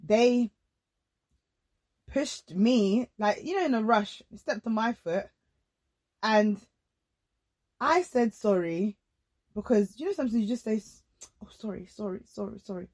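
A woman's voice: fairly high pitch, animated, takes it slowly, long pauses, a little mellow. A woman hosting a casual faith-based podcast chat, speaking in an earnest, reflective way. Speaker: podcast host.

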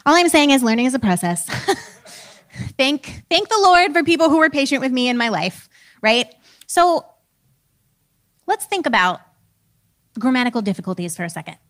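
Lively, higher-voiced woman teacher. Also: moderate pace, pauses often. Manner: conversational, self-deprecating, laughs often. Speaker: preacher and teacher. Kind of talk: casual teaching talk.

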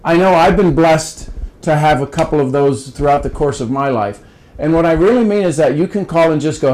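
A man's voice: fairly high pitch, moderate pace, darkish tone, rough recording. An older man from Ohio, a podcast guest talking in a folksy, coaching way, often restarting and repeating words. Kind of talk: casual advice-giving conversation.

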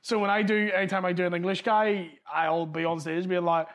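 A man from Northern Ireland, a comedian, chatting casually in a pub with lively storytelling and the odd swear. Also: sits high, brisk. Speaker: comedian guest.

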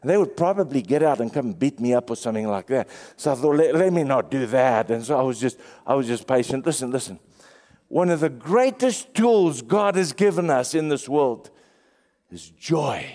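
A male pastor preaching a sermon, swinging between excited highs and hushed lows. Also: moderate pace. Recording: long reverb.

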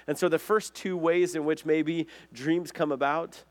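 A man delivers a conversational sermon in a slightly high voice. He speaks earnestly and keeps asking his listeners questions as he goes. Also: steady tone, a little slow. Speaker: pastor.

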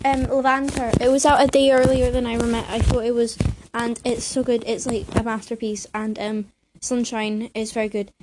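A woman's voice: on the high side, flat delivery, moderate pace. A young woman rambling in a casual vlog, hyper and scattered, full of fillers and restarts, a little out of breath, sitting on her bed. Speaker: vlogger. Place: bedroom, sitting on a creaky bed. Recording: noisy home recording.

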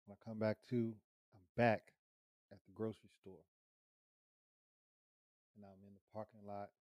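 A man casually telling a long story, lively, cursing, acting out his own lines. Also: on the low side, moderate pace, no echo. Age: adult with children. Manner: animated, swears, acts out his own lines.

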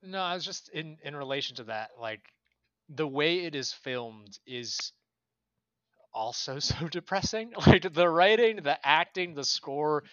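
A man's voice: on the high side, animated, measured pace, fairly bright tone, dry recording. A man casually analyzing a film on a podcast, building to emphatic bursts. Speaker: podcast guest. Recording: dry, dull lo-fi mic.

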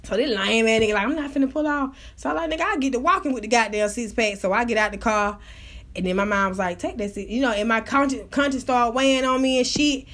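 A woman hosting her own radio show, telling wild stories in a loud, profane, animated way. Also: on the high side, fast. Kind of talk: casual storytelling monologue.

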